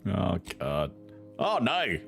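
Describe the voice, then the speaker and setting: A young man with a deep, low-pitched voice talks through a game in casual, sarcastic commentary. His delivery swings up and down in pitch, and he swears and laughs freely. Faint music plays quietly behind him. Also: wildly swooping pitch, very slow, creaky. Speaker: gaming video host.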